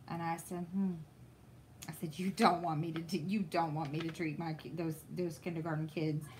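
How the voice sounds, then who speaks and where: A woman hosting a craft livestream, chatting casually with viewers and telling stories in a slow, rambling way with frequent restarts. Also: mid-range voice, slight background noise.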